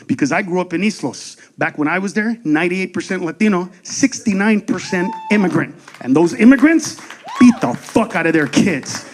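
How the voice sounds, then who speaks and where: A man from the United States doing stand-up comedy with a high voice. He tells profane stories, shouting at the big moments and going quiet for the asides. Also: animated, normal speed. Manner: loud, profane storytelling that swings between shouting and hushed impressions. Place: stage before a live audience.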